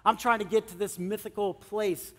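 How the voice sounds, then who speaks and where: A middle-aged male pastor preaching a sermon, animated, swinging between loud emphasis and soft, earnest moments. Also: high voice, moderate pace. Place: church sanctuary. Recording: long church hall reverb.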